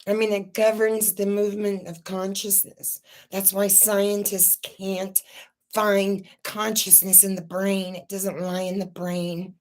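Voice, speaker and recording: A woman's voice: mid-range voice, little pitch movement, a little mellow. A woman host talking raw and tearful in a personal vlog, swearing and stumbling over her words as she vents. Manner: raw, distressed, swearing, halting restarts. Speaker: channel host.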